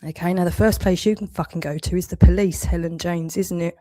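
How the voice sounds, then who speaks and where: A woman's voice: on the low side, steady tone, fairly quick, warm tone. A woman delivering an angry, heavily sworn monologue rant, accusing and scolding. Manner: heavy swearing, accusatory, rising anger.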